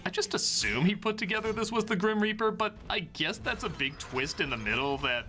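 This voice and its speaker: A man's voice: high-pitched, animated, fairly quick, sharp tone. A young man narrating a scripted film review in an enthusiastic, wry way. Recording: voice-over with faint music.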